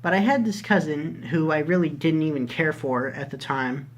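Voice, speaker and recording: A man's voice: fairly high pitch, normal speed. A young man vlogger telling a story casually, rambling with lots of fillers and swearing freely.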